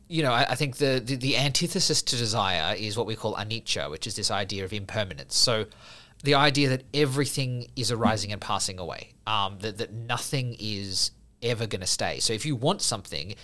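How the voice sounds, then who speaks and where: A podcast guest speaking from a Buddhist view, this man explains a Buddhist idea and tells a story in casual conversation. His mid-range voice is a bit bright, and his speech is full of fillers and repeated restarts.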